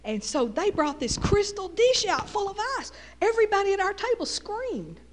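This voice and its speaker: A woman's voice: very high-pitched, big pitch swings, moderate pace, big-room sound, noisy background. A middle-aged woman with a Texas Southern accent, preaching a folksy sermon with call-and-response asides.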